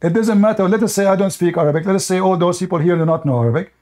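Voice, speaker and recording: High-pitched combative man debating. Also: a little mellow. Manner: combative, mocking, rapid-fire. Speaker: debate host. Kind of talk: heated online debate.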